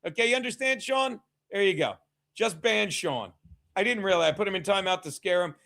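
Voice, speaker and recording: On a casual sports watchalong live stream, a man with a high-sitting, fairly quick voice and vocal fry reads chat aloud. He laughs a lot, swears freely, and occasionally shouts at viewers.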